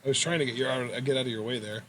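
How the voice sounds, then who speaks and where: A man co-hosting a stream, chatting casually while gaming and keeping his voice quiet on purpose. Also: mid-range voice, fairly even intonation. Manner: deliberately speaking quietly. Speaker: co-host of a wrestling talk stream.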